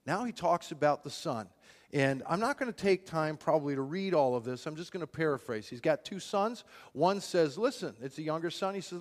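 A man's voice: a little high, expressive, a little fast, big-room sound. A man preaching a sermon, retelling a parable in plain everyday words and voicing its characters. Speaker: pastor.

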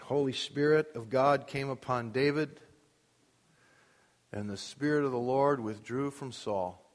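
A man's voice: mid-range voice, measured pace. A man preaching a sermon in a church, pressing his point with rhetorical questions and rising emphasis. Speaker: pastor. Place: church with a sound booth. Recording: long hall reverb.

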